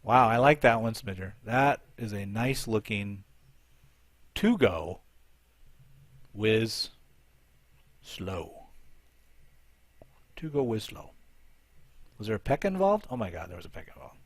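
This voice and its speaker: A man's voice: fairly low pitch, animated, moderate pace, no echo. A man hosting a live show, commentating game attack replays and thinking aloud as he looks for each one.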